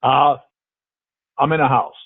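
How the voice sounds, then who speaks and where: A man's voice: medium pitch, measured pace, slightly rough, no room sound. A man from Pittsburgh playing a prospect in a sales call role-play, giving brief, laid-back answers. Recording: tinny, phone-like dry recording.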